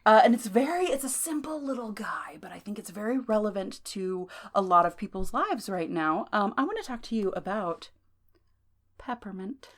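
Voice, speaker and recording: Woman, Texan accent, podcast co-host, casual chat, giggly, very lively pitch. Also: normal speed. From Texas, USA. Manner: giggly, exclamatory, animated.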